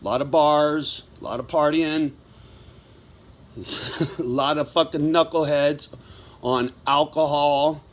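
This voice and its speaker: A man's voice: a little high, steady tone, slow pace, long pauses. A middle-aged man telling a story in a casual vlog monologue, blunt and heavy with swearing, wound up as he talks. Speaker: vlogger.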